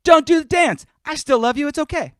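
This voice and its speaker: A man's voice: extremely high pitch, brisk, dry recording, studio quality. A man from Queens with a New York accent, joking casually with his audience and then rapping a comic song. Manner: animated, joking, rapping over a beat. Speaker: musician performing a livestream. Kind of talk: casual stage banter and rap performance. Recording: hip hop backing track behind the voice.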